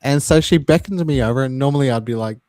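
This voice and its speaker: A man hosting a podcast, telling anecdotes in an animated, casual way. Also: medium pitch, quick pace, no echo. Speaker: podcast host.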